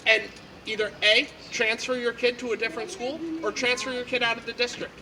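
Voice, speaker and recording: A man working as a police officer, speaking in a calm, procedural, brief way. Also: extremely high pitch, fairly quick, crowd noise, low-quality recording.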